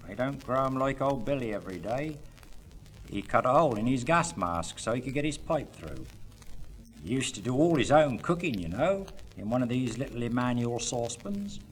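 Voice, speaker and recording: A man with a rural southern English accent spinning comic country yarns in a drawling dialect monologue, with chuckling asides. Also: mid-range voice.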